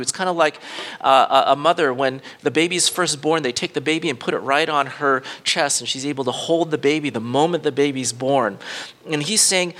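A man's voice: a little high, a little fast, fairly bright tone. A male pastor reading scripture and then preaching an earnest sermon, with frequent fillers and restarts.

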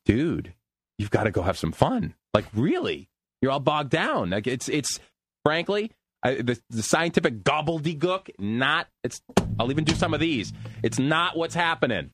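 An American man hosting a sports radio talk show, ranting and joking in an animated, self-mocking way. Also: medium pitch, moderate pace, husky, no room sound.

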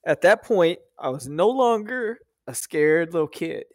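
A man's voice: on the high side, expressive, a little slow, a little mellow, no room sound. Man telling a story, dry close sound. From United States. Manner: emotional, profane, many fillers and restarts. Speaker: podcast guest. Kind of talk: casual storytelling.

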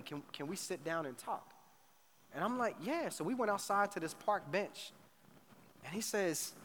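A middle-aged man preaching a storytelling sermon, animated and slangy, acting out both sides of a conversation. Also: fairly high pitch. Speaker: pastor. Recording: faint noise, long hall reverb.

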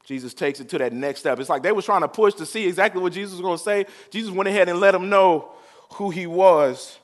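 A male pastor preaching a sermon, drawing out the crowd with call-and-response and swinging from quiet to loud. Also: high voice, quick pace.

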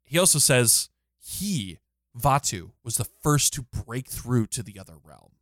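A man's voice: mid-range voice, sing-song, unhurried, a bit bright, no echo. A man co-hosting a podcast, retelling a scene in close detail with enthusiasm. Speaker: podcast co-host. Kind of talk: casual recap discussion.

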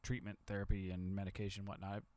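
Smooth-voiced casual male podcast host. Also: on the low side, level tone, fast, warm tone. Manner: conversational, hesitant restarts. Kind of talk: casual chat.

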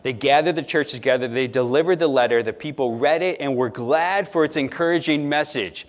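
A man preaching as a pastor, casual and conversational, moving between soft asides and loud, emphatic points. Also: medium pitch, normal speed, hardly any pauses. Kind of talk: sermon.

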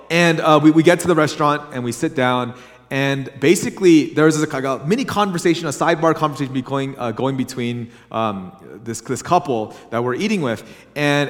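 A young adult man preaching as a pastor, telling a story in a chatty, animated way. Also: on the high side. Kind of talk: sermon with casual storytelling. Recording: long hall reverb.

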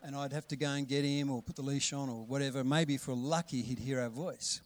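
A middle-aged man, preaching a lively sermon and acting out voices with sudden loud calls. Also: medium pitch, fairly quick, no room sound. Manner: animated, acts out voices with big loud calls. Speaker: pastor.

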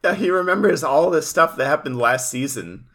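A man's voice: fairly high pitch, animated, normal speed, fairly bright tone, a little hiss or hum. A male podcast co-host chatting casually about an episode, with dry, sarcastic, offhand remarks. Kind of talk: casual episode recap chat.

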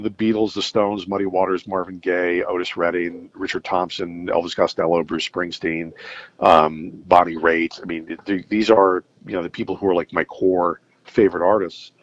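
A middle-aged man with a low voice speaks as a guest over a call. He talks thoughtfully, pausing on fillers and restarting his sentences. The audio is dull and lo-fi. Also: flat delivery. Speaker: interview guest, music expert. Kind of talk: casual interview over a call.

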